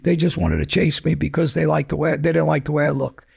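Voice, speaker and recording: A middle-aged man, talking bluntly and combatively as an interview guest, gruff and profane. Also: fairly high pitch, level tone, quick pace, darkish tone. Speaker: interview guest, former mobster.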